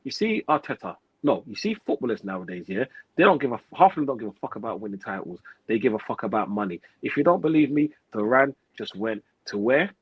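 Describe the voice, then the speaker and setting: A husky-voiced man delivers a heated, profane football rant, leaning on repetition and street slang. His voice sounds dry and close but a little dull and lo-fi. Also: medium pitch, very animated, quick pace, few pauses, no echo. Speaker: football pundit host.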